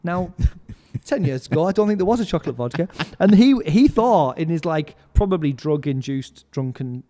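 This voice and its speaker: A live music stage manager, guesting on a podcast, shares backstage stories in a fairly high, mellow voice with lively intonation at normal speed. He rambles casually, saying "like" constantly and using lots of fillers. The indoor recording room is reverberant, with a long echo.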